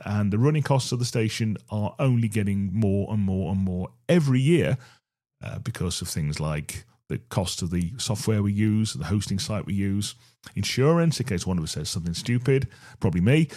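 A middle-aged man with a Black Country accent hosts a rock radio show, his voice sitting a little low. He chats along loosely, trailing off and correcting himself, with a self-deprecating streak. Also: mellow. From Black Country, England. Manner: rambling, chatty, self-deprecating. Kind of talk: casual radio show chat.

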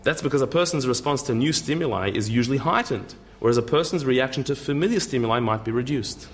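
A man's voice: mid-range voice, lively intonation, fast talker. A man giving a conversational lecture, thinking aloud with repeated words and restarts and tossing in wry asides.

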